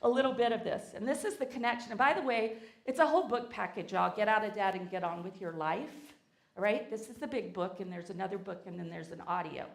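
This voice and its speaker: A woman's voice: mid-range voice, fast, creaky. A woman with a Southern US accent giving a playful sermon in a church, getting the congregation to repeat phrases with her. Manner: playful, leads the congregation in call-and-response. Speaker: guest speaker. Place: church sanctuary. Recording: echoey sanctuary.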